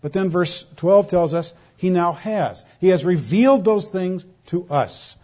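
This high-voiced preacher speaks at a measured pace with lively intonation and a mellow tone. His sermon is forceful, packed with rhetorical questions and shifts in pace for emphasis, heard through dull lo-fi audio.

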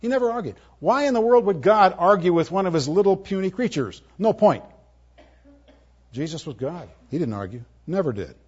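A man preaching a sermon, moving between emphatic, forceful lines and soft, tender ones. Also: sits high, animated, normal speed, slightly rough. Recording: muffled, lo-fi audio.

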